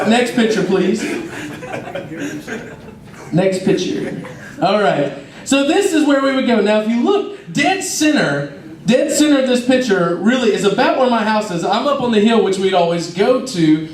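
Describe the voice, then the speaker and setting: A young man, a youth minister telling lively, self-mocking stories to a youth service. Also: sits high. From North Georgia, USA. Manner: lively, self-mocking storyteller who acts out scenes. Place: church hall. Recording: roomy hall, mic at a distance.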